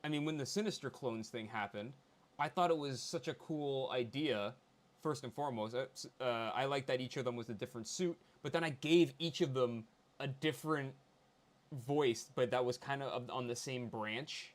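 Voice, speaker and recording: A man joins as a guest for a casual chat. He is easygoing and sometimes slips into camp impressions. His voice sits at an ordinary pitch. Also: normal speed.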